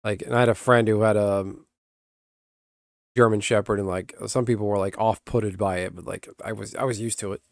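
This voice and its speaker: A man's voice: fairly low pitch, steady tone, brisk, no room sound, clean studio sound. A young man streaming from home, rambling bluntly in casual chatter and swearing freely.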